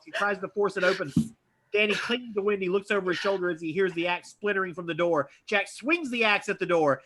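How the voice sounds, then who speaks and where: Bright, animated male script reader. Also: high-pitched. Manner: animated, with asides and chuckles. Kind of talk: live narrated script reading.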